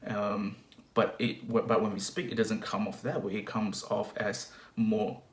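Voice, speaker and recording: A man's voice: fairly low pitch, echoey room. A man from Malaysia giving a video lesson on singing diction, explaining step by step with hesitant restarts.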